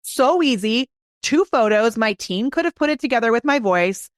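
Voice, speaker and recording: A woman's voice: fairly high pitch, expressive, no room sound, studio quality. Upbeat woman guest on a podcast. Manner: enthusiastic, quick storytelling. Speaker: guest, video marketing expert. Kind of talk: casual podcast chat.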